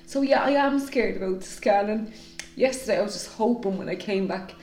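A woman's voice: medium pitch, fairly quick, darkish tone, a little hiss or hum. A woman, talking frankly and emotionally as a podcast co-host, swearing freely. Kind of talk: candid casual chat. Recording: roomy echoey room.

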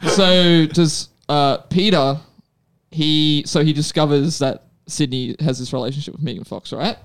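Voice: medium pitch, fairly even intonation, measured pace. A podcast panelist in casual chat, thinking aloud with hesitant fillers.

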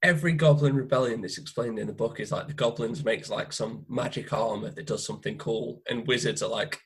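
Casual male podcast co-host, very husky voice, sweary, animated. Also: mid-range voice, fairly quick. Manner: swearing, animated, mimics characters in ranting asides. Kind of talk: casual banter.

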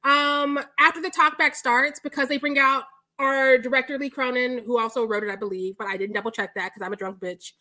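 A woman with a high, bright voice co-hosts a casual podcast chat. She tells stories animatedly, swearing freely and piling on the details. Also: fairly quick. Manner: animated, profane storytelling with laughs. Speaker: podcast co-host.

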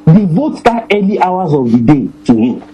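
Animated preaching man, mellow voice. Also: on the high side, breathy edge, poor audio. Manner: emphatic preaching, repeats phrases, slows on scripture. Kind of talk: sermon.

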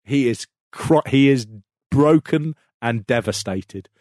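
A man recounts a story on a podcast with real feeling, laughing as he goes and tripping over his words when he gets worked up. His voice sits at a middling pitch. The sound is dry and close, with no room behind it. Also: slow, no echo. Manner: animated, laughing, restarts often when excited. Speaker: podcast co-host. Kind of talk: casual storytelling chat.

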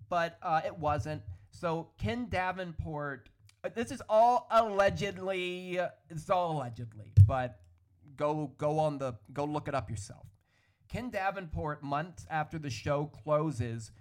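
A man hosting a solo podcast, ranting in an animated, opinionated way with a hoarse, worn-out voice. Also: a little high. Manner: animated, opinionated, hedging with "allegedly". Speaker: podcast host. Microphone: studio podcast microphone.

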